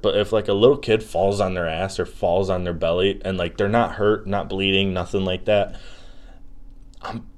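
Young male podcaster, lowish voice, profane rambling with frequent laughs. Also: steady tone, normal speed. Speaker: podcast host. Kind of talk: solo podcast rant.

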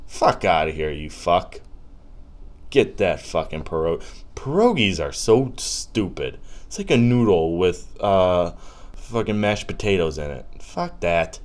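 A young man with a slightly low voice riffs through his own podcast in a loose, joking rant. He swears constantly and wanders off topic as the thoughts come. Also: very animated, unhurried. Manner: profane, rambling, loose and joking. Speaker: podcast host. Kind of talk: casual comedic rant.

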